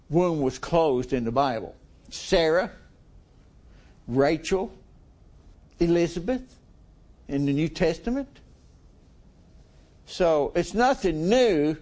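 A man's voice: a little high, a little mellow. A middle-aged male preacher giving a folksy, conversational sermon, chuckling often and asking the congregation questions.

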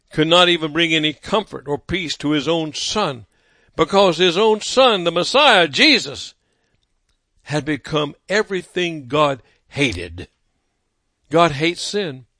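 A man preaching a sermon, emphatic, with dramatic pauses and repeated phrases. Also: a little high, a bit bright, no room sound, studio quality.

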